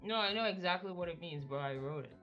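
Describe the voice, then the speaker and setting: A guest co-streamer and channel moderator in casual chat, bantering in a dry, deadpan way and laughing along. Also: medium pitch, fast talker, highs cut off, faint music behind.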